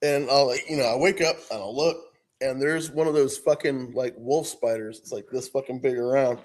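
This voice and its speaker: A man's voice: medium pitch, fairly even intonation, normal speed. A middle-aged man on a podcast, telling a profane story in casual chat, often laughing. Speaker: podcast co-host.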